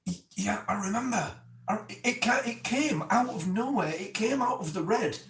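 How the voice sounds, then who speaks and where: A man's voice: high voice, animated, normal speed, fairly bright tone. A man chatting animatedly about his impressions, often stumbling and restarting mid-word. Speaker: experiment subject. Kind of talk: casual chat recalling impressions. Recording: distant mic, echoey room, faint noise.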